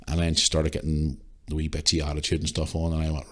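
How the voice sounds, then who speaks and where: A young man, hosting a podcast and telling a story in an animated, swearing rant. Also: rumbling low, a little fast. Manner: animated ranting, swears freely. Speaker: podcast host. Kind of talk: casual storytelling monologue.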